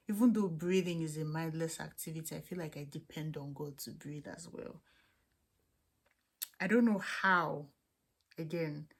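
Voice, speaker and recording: Low, gravelly-voiced young woman vlogging. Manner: hesitant, searching for words. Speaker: student vlogger. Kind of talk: casual vlog talk answering questions.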